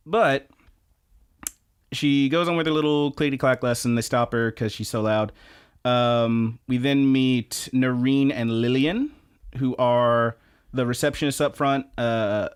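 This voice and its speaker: A man's voice: mid-range voice, steady tone, measured pace, smooth. Rambling casual podcast guy. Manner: rambling, profane, lots of fillers and restarts. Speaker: podcast co-host. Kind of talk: casual chat recapping anime.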